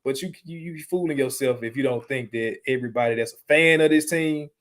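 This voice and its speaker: A man hosts a podcast in an easygoing, laid-back way. His voice sits at an ordinary middle pitch. He rolls through shout-outs and chat with an unhurried, friendly rhythm. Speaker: podcast host. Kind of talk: casual chat.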